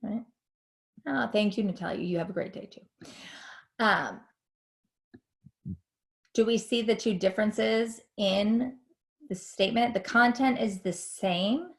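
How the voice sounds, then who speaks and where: A woman's voice: medium pitch, slow pace, gravelly, pauses often. A woman teaching an online lecture in a chatty, hesitant way with many fillers.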